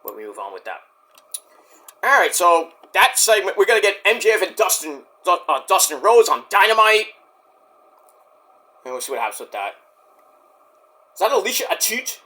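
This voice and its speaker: A man with a high, lively voice talks through a wrestling episode in a loose, profane rush. His tone is bright and he swings all over his range as he mimics the wrestlers. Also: normal speed, long pauses. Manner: profane, excitable, acts out quotes. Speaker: wrestling reviewer. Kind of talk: casual show recap with impressions.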